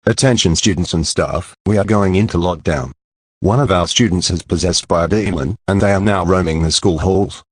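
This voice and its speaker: Brief: computer man as a stern cartoon principal, low and husky, dry sound. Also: moderate pace, no room sound. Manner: stern, scolding. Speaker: school principal. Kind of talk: text-to-speech cartoon dialogue.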